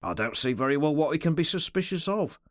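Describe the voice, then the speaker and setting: A man voicing a rough, loyal henchman who argues in coarse common speech, with a soft purr and a snarling undertone. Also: on the high side, expressive, quick pace, no room sound, clean studio sound, pitched above the performer's own voice, close to an everyday voice. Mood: fretful. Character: rough loyal male henchman, fretful and scrappy.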